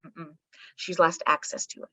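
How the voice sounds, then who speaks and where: A middle-aged woman, a psychologist guest, talking candidly in a blunt, profane, animated storytelling manner. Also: moderate pace, no room sound. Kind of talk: candid podcast conversation. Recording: slightly muffled dry recording.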